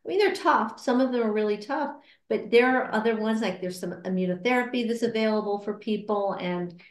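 With an earnest, reflective tone and a brisk pace, a woman is interviewed casually about her job at a cancer support center. She hesitates and restarts a lot and lifts her pitch when acting out quoted remarks, all against a roomy echo.

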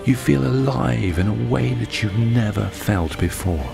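A man doing his deep voiceover voice, calmly narrating an immersive second-person scene over a loud music bed. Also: measured pace, creaky. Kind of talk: deep voiceover narration of a guided running audio.

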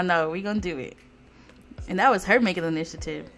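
A woman giving casual let's-play commentary on a life-sim game, animated, laughing often, swearing and talking straight to viewers. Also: medium pitch, moderate pace. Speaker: Sims gameplay YouTuber.

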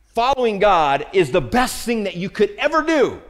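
Lively preacher man with a wide-ranging voice. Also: high voice, normal speed. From United States. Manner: animated, acts out Bible characters' lines. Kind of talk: sermon.

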